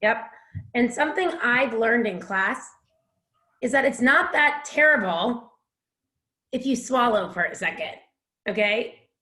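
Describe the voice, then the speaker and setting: Casting note: a casual, frank woman instructor, voice sitting a little high, recorded in a roomy, echoing space. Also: expressive, measured pace, pauses often, bright, forceful tone. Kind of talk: casual teaching chat.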